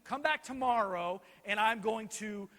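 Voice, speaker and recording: A man playing a calm, clever ancient queen who speaks plainly, in a reverberant hall. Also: high voice, measured pace. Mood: coaxing.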